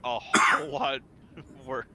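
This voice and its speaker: A man's voice: mid-range voice, takes it slowly, noisy background. A man playing a tabletop game over voice chat, argumentative and easily exasperated. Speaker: player.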